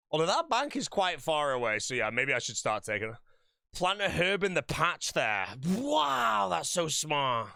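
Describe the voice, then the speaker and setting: A man's voice: mid-range voice, pushed and bright, smooth, dry recording, clean studio sound. A man streaming a game and chatting casually to viewers, out of breath and flustered, laughing at his own bad luck. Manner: flustered, self-mocking. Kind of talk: casual game commentary to chat.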